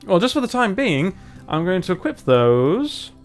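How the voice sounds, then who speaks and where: Man, fairly high voice, chatty let's play commentary over faint music. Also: very animated, normal speed. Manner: chatty and self-mocking. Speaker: gamer.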